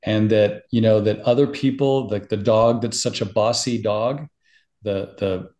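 A middle-aged man with a lowish voice speaks at a measured pace as a podcast guest in casual interview chat, telling stories in an emotional, animated way.

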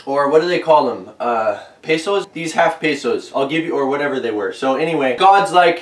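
A man hosting a rambling, joking lecture, deadpan, slipping into the voices of the people in his story. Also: a little high, moderate pace, few pauses. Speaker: host. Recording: echoey room, voice from far off the mic.

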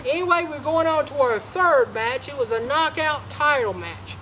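A high-pitched man hosts a loose home-made wrestling recap. He rambles from point to point, cracks jokes and talks over his partner. Faint noise sits under his voice. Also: lively intonation, moderate pace, low-quality recording. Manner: rambling, keeps saying anyway and ladies and gentlemen. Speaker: host of a wrestling review show. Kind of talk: casual show recap.

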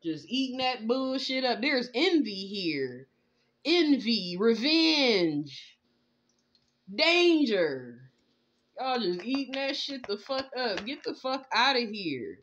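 In a slow, sing-song voice that sits on the high side with a fairly bright tone, a tarot reader offers a casual spoken reading. She's blunt and swears freely, alternating scolding with laughter, and the lo-fi audio sounds slightly dull.

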